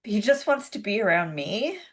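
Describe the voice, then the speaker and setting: A woman's voice: medium pitch, big pitch swings, moderate pace. A middle-aged woman co-hosting a podcast, telling a rambling story full of fillers and restarts and swearing casually. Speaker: podcast co-host. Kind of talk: casual chat.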